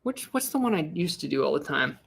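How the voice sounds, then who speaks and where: A man's voice: on the high side, very animated, a little fast, creaky, a bit bright, slightly rough. A young man chatting casually on a live stream, rambling and restarting his sentences, with frequent laughs. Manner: rambling, self-interrupting, giggly.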